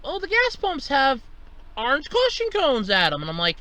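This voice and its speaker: His pitch is extremely high with big swings, his tone sharp, his speed normal. The man hosts a solo podcast and rants casually through an everyday story, exasperated and cursing, his voice shooting up as he quotes what he said.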